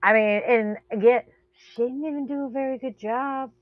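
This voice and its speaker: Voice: mid-range voice, normal speed, dry recording. Blunt joking co-host, dry lo-fi mic. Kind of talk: casual chat. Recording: dry, dull lo-fi sound.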